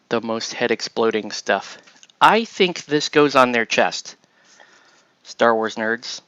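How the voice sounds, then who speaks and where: A man's voice: medium pitch, lively intonation, slow, pauses often, sharp tone, clear, resonant tone, no echo, lo-fi sound. A man hosting a casual chat while assembling miniatures, rambling and chuckling as he trails off and restarts. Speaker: host.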